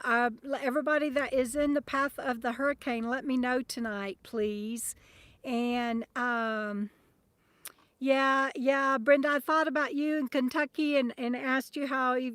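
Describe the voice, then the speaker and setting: A woman's voice: sits high, a bit bright, no room sound. A woman chatting casually on an outdoor livestream, greeting viewers by name and often trailing off with ums. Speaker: livestream host. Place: outdoors at a campsite. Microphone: phone camera at arm's length.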